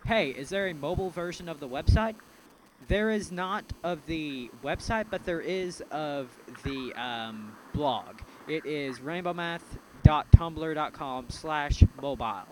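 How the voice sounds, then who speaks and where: A man hosting a laid-back podcast in a slightly high voice. He rambles and hesitates, filling gaps with ums as he goes. A clear electrical hum runs under the recording. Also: a little slow. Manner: rambling, hesitant, many fillers. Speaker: podcast host. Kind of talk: casual podcast chat. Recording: steady mains hum behind the voice.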